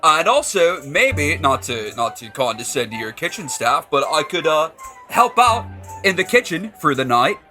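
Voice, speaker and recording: A man with a high, bright voice plays a tabletop game in an easy, joking manner. Faint music sits behind him. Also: big pitch swings, normal speed. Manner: laid-back, jokey. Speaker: player. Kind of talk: tabletop game role-play.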